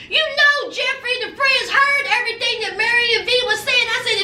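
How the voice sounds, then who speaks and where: A woman's voice: extremely high pitch, expressive, moderate pace, sharp tone. A woman recapping a reality show in casual, sassy commentary, retelling the drama with slang and flair. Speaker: reality TV reviewer. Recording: echoey room, mic at a distance.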